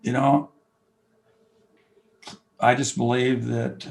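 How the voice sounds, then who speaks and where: An older man speaks with a gravelly, rough-edged voice. He tells stories in a conversational interview, acting out what people said and swinging from near-shouting to a whisper. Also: mid-range voice, drawn-out words, low-quality recording. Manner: animated storyteller, acts out quoted dialogue, swings from loud to whispering. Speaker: basketball coach and camp founder, guest.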